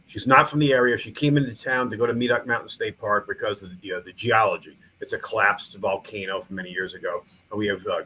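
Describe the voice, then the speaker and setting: A man's voice: on the low side, fairly bright tone, a little hiss or hum, rough recording. A middle-aged man from New York, a museum founder and small-town mayor, chatting in a podcast interview with many restarts. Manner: rambling, frequent restarts and fillers.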